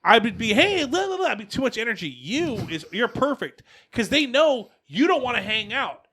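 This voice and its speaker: A man with a high, bright voice talks in casual podcast banter. His pitch swoops widely as he gets excited, and he laughs often and talks over the others. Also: moderate pace, husky. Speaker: podcast co-host.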